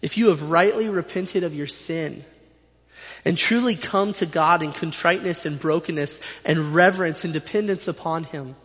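A man's voice: a little high, normal speed, a bit bright. A male pastor delivering a sermon with an emphatic, repetitive preaching cadence. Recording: dull sound with long hall reverb.

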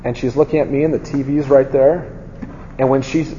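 A man's voice: medium pitch, steady tone, brisk, dark tone, slight background noise. A man preaching a conversational sermon, telling candid stories from his own life and asking his listeners rhetorical questions. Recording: dull lo-fi sound with long hall reverb.

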